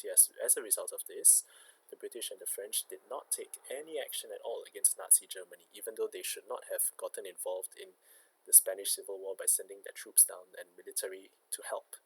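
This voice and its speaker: A man's voice: on the low side, vocal fry, breathy edge, rough recording. A man teaching a recorded history lesson, explaining step by step and checking in with "okay".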